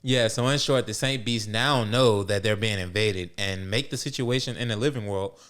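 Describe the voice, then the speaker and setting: A man's voice: lowish voice, normal speed, fairly bright tone. A man co-hosting a podcast, commenting on anime in amused, profane, casual chat. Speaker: podcast co-host.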